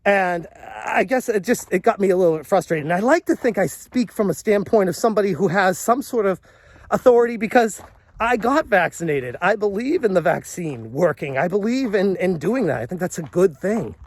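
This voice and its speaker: A man's voice: high voice, lively intonation, a little fast, no echo. A man telling a story as a vlogger, exasperated and rambling, often restarting his sentences. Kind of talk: storytelling commentary.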